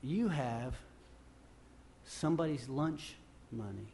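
A male pastor preaching a sermon off the cuff, swinging from loud emphatic bursts to quiet low passages and often restarting his phrases. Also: animated, slow, creaky, a little hiss or hum. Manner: repeats and restarts phrases while speaking off the cuff.

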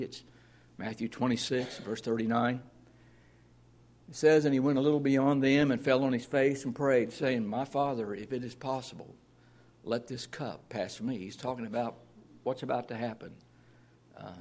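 A man's voice: medium pitch, moderate pace, darkish tone. A man preaching a sermon as pastor, plain-spoken and earnest, reading scripture aloud.

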